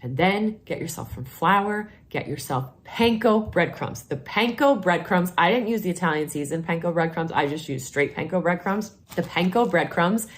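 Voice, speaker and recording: Woman, New York accent, low voice, enthusiastic beauty vlog chat, middle-aged. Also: animated, normal speed, hardly any pauses. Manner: chatty, enthusiastic, gushing. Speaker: vlogger, nurse. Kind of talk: casual product review vlog.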